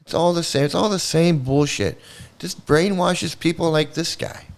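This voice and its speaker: This livestream host has a slightly high, creaky voice and talks at normal speed. Furious and sarcastic, he rants through his commentary with a great deal of swearing.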